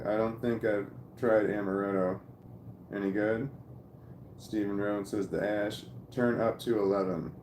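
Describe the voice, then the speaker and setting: A middle-aged man chatting casually on a livestream from home, reading viewers' comments aloud and rambling with halting restarts. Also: fairly low pitch, a little mellow, echoey room, a little hiss or hum.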